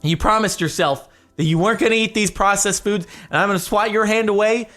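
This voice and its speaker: A man's voice: high-pitched, brisk, a bit bright, faint music behind, pitched above the performer's own voice. A man doing a bossy scolding house cat. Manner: scolding, strict. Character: stern bossy house cat policing a diet.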